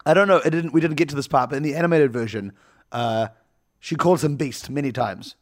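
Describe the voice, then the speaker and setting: Animated, laughing podcast co-host man. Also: on the high side, a little fast. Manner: laughing, animated, acts out quotes. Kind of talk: casual chat.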